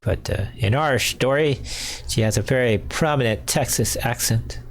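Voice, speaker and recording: A man's voice: medium pitch, moderate pace. A man hosting a livestream, rambling casually with lots of fillers and frequent chuckles. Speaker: fan fiction writer hosting a livestream.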